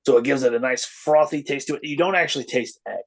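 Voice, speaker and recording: Talking quickly on a roughly recorded podcast, this middle-aged wrestler trades casual stories. He performs the voices of the people he quotes, his pitch leaping around animatedly.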